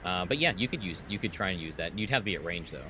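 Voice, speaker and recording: A man running a tabletop game as game master, narrating scenes slowly with fillers. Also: deep voice, lively intonation. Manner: slow descriptive narration with fillers. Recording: clear background noise.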